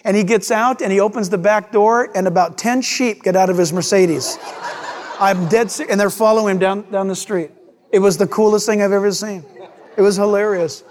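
A man preaching a sermon as pastor, animated and playful, acting out voices as he tells stories. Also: high voice, moderate pace, in a large hall.

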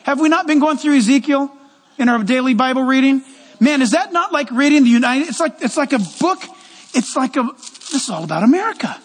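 A man's voice: very high-pitched, lively intonation, brisk, long reverb tail. A man preaching a sermon to his church, exhorting the congregation and acting out the voices of people he quotes. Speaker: pastor.

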